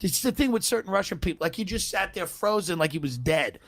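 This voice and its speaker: A man telling a profane comic story in a podcast chat, with brash, quick asides. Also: sits high, expressive, a bit bright.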